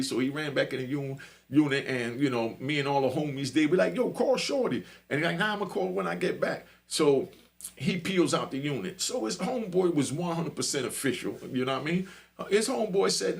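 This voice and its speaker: A man's voice: fairly high pitch, vocal fry. A middle-aged man casually telling a prison story in loose street slang, often asking "you know what I mean?".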